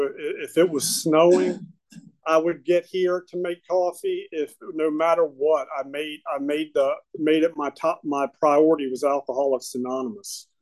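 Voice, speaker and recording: Halting man telling his recovery story. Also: fairly high pitch, a little mellow, rough recording. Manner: halting, full of fillers and restarts. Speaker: speaker sharing recovery story. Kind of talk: personal testimony at a recovery meeting.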